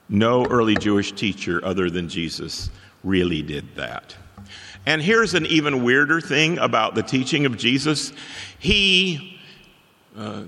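A man's voice: medium pitch, pushed and bright, long reverb tail. A man preaching a sermon like a lecture, emphatic, with wry joking asides.

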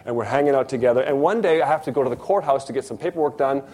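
Racing through his sermon in a mellow, mid-range voice, a man blends a personal story into his preaching. He brings the dialogue to life by animatedly performing each voice.

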